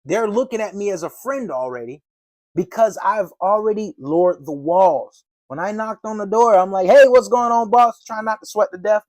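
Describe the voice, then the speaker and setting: A man's voice: high voice, expressive, moderate pace, a little mellow, dry recording. A man giving door-to-door sales training in a casual, slangy way, acting out doorstep chats. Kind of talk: animated sales training talk.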